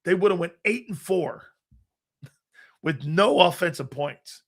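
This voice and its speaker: A middle-aged man hosting a sports talk show, telling a profane, animated story and acting out the other voices. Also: high voice, a little slow, gravelly. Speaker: sports talk radio host.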